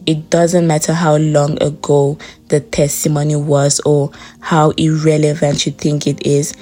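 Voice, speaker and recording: A woman's voice: deep voice, flat delivery, measured pace, mellow. A woman in her early twenties hosting a faith podcast, urging listeners earnestly and repeating phrases for emphasis. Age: early 20s. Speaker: podcast host.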